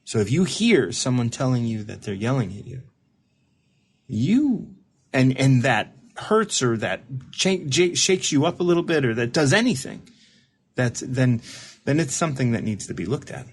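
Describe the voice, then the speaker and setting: Husky-voiced man mentoring a caller. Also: mid-range voice, big pitch swings, normal speed. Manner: repeats and restarts words while explaining. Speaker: recovery mentor and host. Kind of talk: casual reflective talk with a caller.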